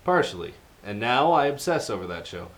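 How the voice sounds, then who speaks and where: A young American man co-hosting a podcast in casual chat, rambling and jokey, often trailing off quietly. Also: on the low side, sing-song, a little fast. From United States. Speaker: podcast co-host.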